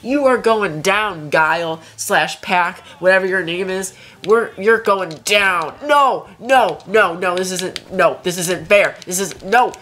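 A woman's voice: medium pitch, takes it slowly, few pauses, a bit bright, a little hiss or hum. A young woman narrates her own fighting-game matches with playful trash talk. She jumps between mock bravado and frantic strings of repeated cries as rounds turn against her. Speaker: let's play gamer. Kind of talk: excited gameplay commentary.

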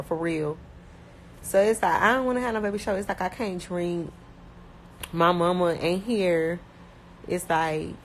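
A young woman from Miami with a Miami accent, chatting casually and bluntly, talking fast with lots of slang and filler words. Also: fairly low pitch, slight background noise, poor audio. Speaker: rapper talking about her life. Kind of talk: casual chat.

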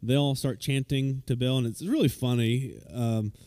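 A man preaching a conversational sermon at a church service, informal, with many restarts and fillers, growing lively when he retells a story. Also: medium pitch, normal speed, dry recording, studio quality. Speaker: pastor.

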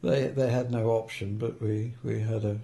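A man's voice: on the low side, flat delivery, moderate pace, mellow. An older man, a film editor, telling anecdotes in an interview, hesitant with fillers and restarts and the odd chuckle.

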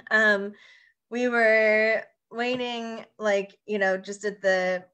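A woman's voice: medium pitch, flat delivery, takes it slowly, fairly bright tone, clean tone. A woman co-hosting a podcast, chatting casually with many fillers and frequent laughs. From United States. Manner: laughs often, loose with fillers. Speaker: podcast co-host. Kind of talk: casual chat.

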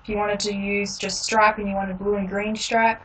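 A woman hosting a step-by-step software tutorial, explaining each click in a relaxed way with frequent ums. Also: mid-range voice, moderate pace, recorded from a distance, rough recording. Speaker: tutorial host.

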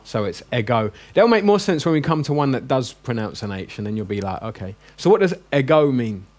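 A man's voice: mid-range voice, sing-song, a little fast. A man teaching a classroom language lesson, joking and coaxing his students with questions.

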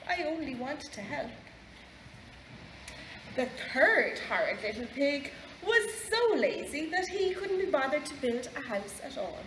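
A woman with an Irish accent reading a picture book aloud to children in a library, slow and expressive. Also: high voice. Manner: slow, expressive, lively storytelling. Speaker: library storyteller. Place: library room. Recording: echoey library room, faint background noise.

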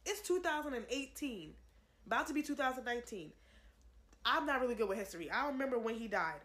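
A woman's voice: a little high, expressive, fast, a bit bright. A young woman giving an earnest religious testimony to camera, pleading with viewers and repeating herself for emphasis. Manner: earnest, repetitive, pleading, addresses viewers as y'all.

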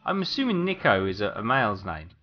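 A man's voice: fairly low pitch, big pitch swings, fast talker, lo-fi sound. A man giving casual let's-play commentary, rambling as he talks to game characters and apologizes to them. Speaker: gameplay commentator.

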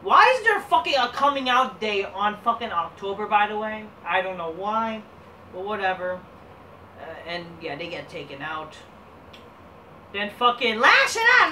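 A man's voice: sits high, sing-song, normal speed, bright, forceful tone, slight background noise. A man giving a casual, profane, rambling recap of a wrestling show. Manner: crude, profane and rambling, with frequent restarts. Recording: roomy echo, distant from the mic.

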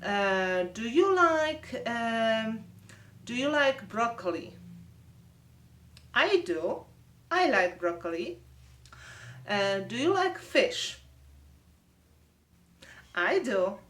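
A woman with a Polish accent teaching English words to young children, slowly drilling each word and prompting them to repeat. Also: mid-range voice, fairly bright tone, echoey room, distant mic.

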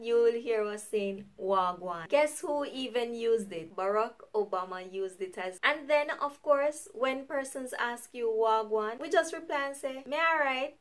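A woman from Jamaica with a Jamaican accent, talking straight to her viewers as a vlog host. Her voice sits a touch high, and her manner is upbeat and chatty, with frequent laughs. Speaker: YouTuber host. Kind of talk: casual vlog chat.

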